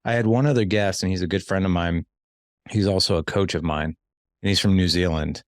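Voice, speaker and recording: A man's voice: deep voice, fairly quick, dry recording, studio quality. A man in his forties hosting a podcast interview, talking emphatically and often repeating words as he thinks. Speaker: podcast host. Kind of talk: casual interview chat.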